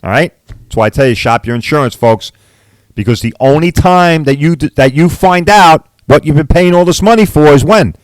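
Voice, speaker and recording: A man's voice: a little high, lively intonation, normal speed, no room sound. A middle-aged man, a body shop owner hosting a podcast, talking bluntly and repeating "all right" and "right?" as he rants. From Long Island, New York. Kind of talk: casual podcast rant.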